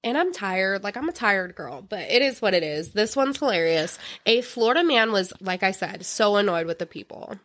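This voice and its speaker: A woman co-hosting a casual true-crime podcast, telling stories in an animated, giggly way. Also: medium pitch, moderate pace, hardly any pauses. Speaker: podcast co-host.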